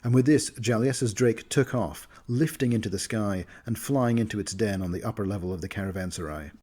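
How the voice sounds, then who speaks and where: A man narrating a fantasy tabletop campaign as a story, steady and measured. His voice is low and dark with a husky grain. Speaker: game master recapping the campaign.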